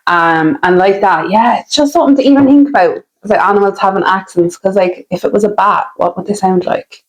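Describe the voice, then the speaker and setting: A young woman co-hosting a podcast in casual chat, chatty and giggly. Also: medium pitch. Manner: chatty, giggly, talks in quick bursts. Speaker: podcast co-host.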